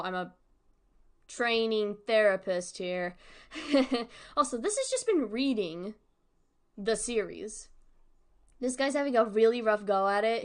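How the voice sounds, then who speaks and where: A woman streamer chatting casually and digressively while reacting to a horror series, often breaking into laughter. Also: mid-range voice. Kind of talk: casual live-stream commentary.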